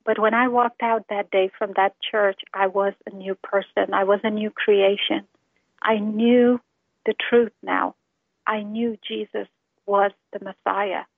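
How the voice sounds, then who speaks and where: A woman's voice: mid-range voice, fairly even intonation, a little slow, vocal fry, no echo. Earnest woman on a tinny phone line. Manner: earnest, heartfelt storytelling. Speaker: testimony speaker. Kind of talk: personal conversion testimony.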